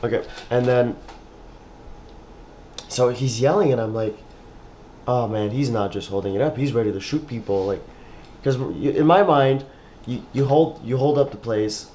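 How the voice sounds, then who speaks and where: A man's voice: mid-range voice, normal speed, pauses often, dark tone, a little hiss or hum, poor audio. A young man co-hosting a casual podcast, telling a rambling story with restarts and swearing. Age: young adult. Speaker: podcast co-host. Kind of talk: casual chat.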